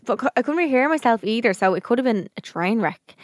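A young woman co-hosting a podcast, telling a story in animated casual chat with quick asides and swearing. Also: a little high, dry recording, clean studio sound. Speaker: podcast co-host.

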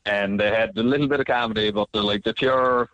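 A man's voice: fairly low pitch, fairly even intonation, fairly quick, a bit bright, no room sound, dull audio. A man with a southern Avalon Newfoundland accent chatting easily as a radio guest. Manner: easygoing, chatty. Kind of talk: casual interview chat.

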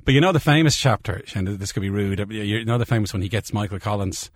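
A man's voice: lowish voice, quick pace, no room sound. A man, a scientist guest, talking enthusiastically in casual chat, repeating words and laughing often. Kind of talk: casual radio-style chat.

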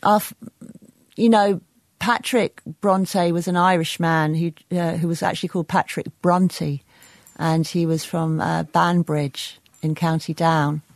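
A woman's voice: fairly low pitch, steady tone, a little slow, dry recording. A woman novelist talking as a guest on a radio show, thoughtful and hesitant, with many fillers. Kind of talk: radio interview chat.

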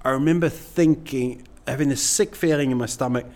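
A man's voice: mid-range voice, fairly quick, darkish tone. Rambling middle-aged male comedian. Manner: rambling, self-deprecating, many "you know"s. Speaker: stand-up comedian, guest. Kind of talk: casual interview chat.

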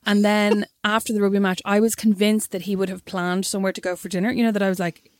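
A woman's voice: mid-range voice, little pitch movement, quick pace, no echo. A young Irish woman, a podcast co-host, telling a story in casual chat and acting out the quotes.

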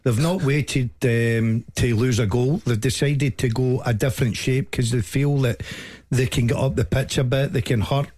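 A man's voice: medium pitch, steady tone, normal speed, hardly any pauses, a little mellow, no echo. A man analysing a football match as co-commentator, plain-spoken and emphatic.

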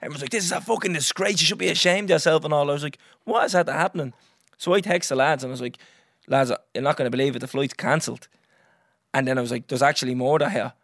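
Fast-talking Irish man telling a story. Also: on the high side, dry recording, studio quality. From Ireland. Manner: animated, swears freely, acts out others' lines. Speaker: podcast host. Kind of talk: casual storytelling.

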